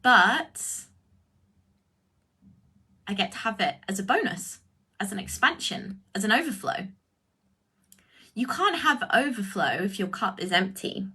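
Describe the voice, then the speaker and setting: Bright-voiced woman on a livestream. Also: medium pitch, very animated, husky. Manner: effusive, drawn-out exclamations. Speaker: spiritual coach. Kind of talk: livestream talk answering comments. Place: indoors, live video stream.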